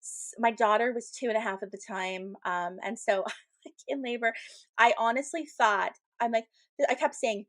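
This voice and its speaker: With a fairly high, slightly bright voice and a brisk delivery, a woman in her thirties chats casually on the spiritual podcast she co-hosts. She is a medium and a chatty storyteller who laughs often and uses many fillers.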